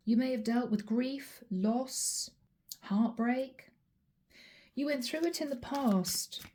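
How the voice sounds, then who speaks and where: A woman giving an emphatic tarot reading to her viewers, repeating key phrases and voicing the listener's thoughts in quick asides. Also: on the high side, dark tone. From Europe. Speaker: tarot reader.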